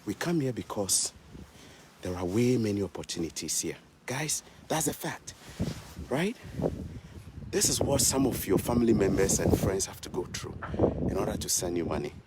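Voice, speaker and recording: A man's voice: lowish voice, lively intonation, normal speed, long pauses, heavy background noise. A young man from Africa talking casually and earnestly to his viewers in a vlog, repeating his points like a preacher. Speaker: vlogger. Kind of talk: casual vlog talk to camera.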